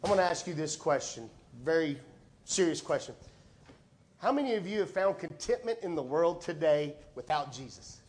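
Animated middle-aged male preacher. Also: moderate pace, slight background noise. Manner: animated preaching, swings from quiet low lines to loud high ones; conversational storytelling with repeated words. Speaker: pastor. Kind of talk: sermon.

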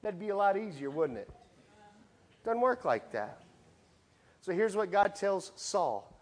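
A male preacher with a fairly high voice delivers a sermon. He tells the story in a lively way, swinging from loud bursts to hushed asides and acting out the voices. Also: unhurried.

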